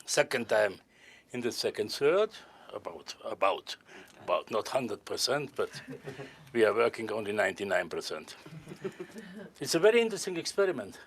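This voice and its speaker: A man's voice: on the low side, very animated, moderate pace, vocal fry, long pauses, a little hiss or hum. An older man performing as a stage magician, joking and courtly with volunteers in careful. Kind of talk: live magic performance patter.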